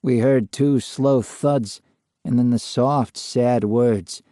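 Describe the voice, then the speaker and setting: Male storyteller, measured and unhurried, mid-pitched voice, dry sound. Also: fairly even intonation, mellow, no room sound. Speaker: narrator. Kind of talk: scripted ghost story narration.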